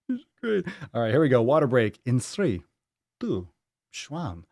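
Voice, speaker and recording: A man hosting a podcast, joking and swearing loudly with a very lively, bouncing delivery. The sound is dry and close to the mic, with no room echo. His speaking pitch sits in the middle for a man. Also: slow, vocal fry. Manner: loud, profane, joking, talks baby-talk to his cat. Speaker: podcast host. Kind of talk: casual livestream podcast chat.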